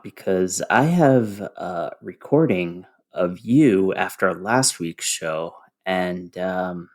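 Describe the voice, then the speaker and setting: Low gravelly guy on a comedy podcast, meek and sorry-sounding, voice swings up and down a lot. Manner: sheepish and apologetic, quiet. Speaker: podcast co-host.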